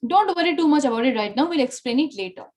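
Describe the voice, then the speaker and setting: A woman's voice: sits high, expressive, fast, a little mellow. A woman teaching a Spanish language class online, explaining patiently and checking in with "okay?" and "right?" after nearly every sentence. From India.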